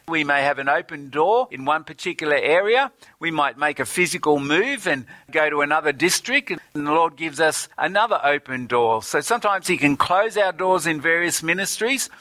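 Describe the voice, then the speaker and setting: Man, preacher, sermon, earnest, slightly high voice, bright and forceful, dry sound. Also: no room sound. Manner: earnest, reads scripture aloud, asks rhetorical questions.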